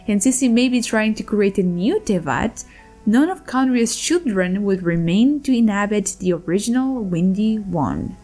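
A woman with a hoarse voice, reading a scripted theory narration about game lore, with playful, wry asides. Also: medium pitch, a little mellow. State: hoarse, losing her voice. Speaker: video essayist on game lore.

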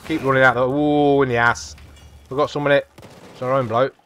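A man giving chatty, excitable live commentary over a shooter game as a gaming channel host. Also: mid-range voice, fairly quick, slight background noise. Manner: chatty, excitable, repeats come on and whoa. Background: faint game gunfire.

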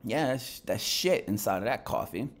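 A man's voice: medium pitch, animated, moderate pace, a little hiss or hum. A man fresh out of bed giving a heated, blunt vlog commentary on boxing, swearing freely as he rants. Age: adult. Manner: heated, blunt rant with profanity. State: just woken up, lower energy.

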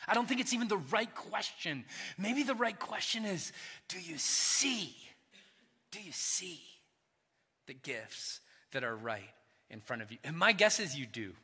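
A man preaching a sermon as pastor, earnest, swinging from emphatic lines to hushed, soft ones. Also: sits high, expressive, normal speed, slightly rough. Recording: reverberant church hall.

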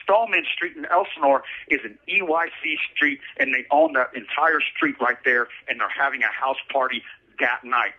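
A man's voice: medium pitch, moderate pace, dull audio. A man telling a story about his own past in a casual, slangy way, often repeating phrases for emphasis.

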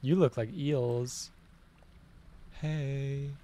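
A man's voice: medium pitch, drawn-out words, warm tone. A man streaming a video game, chatting playfully and joking with the fish he finds as he plays. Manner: playful, jokey, talks to the fish. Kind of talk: casual gameplay commentary. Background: faint game music.

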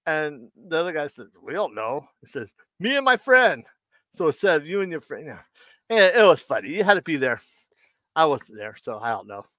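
A man's voice: on the high side, big pitch swings, fairly quick, a bit bright, no echo. A man hosting a live stream, telling corny jokes and riddles, often stumbling and restarting and laughing at his own punchlines. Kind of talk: casual joke telling.

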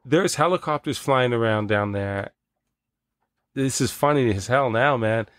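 A man from Canada, a podcast guest, telling stories in casual chat, swearing and animated. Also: medium pitch, a little slow, no room sound. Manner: profane, animated storyteller.

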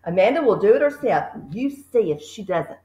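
A woman voicing a clever young schoolgirl, speaking calmly and plainly. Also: mid-range voice, normal speed, reverberant, close to an everyday voice. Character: clever, calm little schoolgirl.

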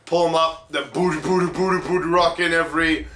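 A man's voice: fairly high pitch, fairly even intonation, brisk, bright, forceful tone, slight background noise. A man casually commentating a video game with friends, swearing and joking loosely. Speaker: let's play commentator. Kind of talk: casual gaming chat. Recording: roomy with game music behind. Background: game music.

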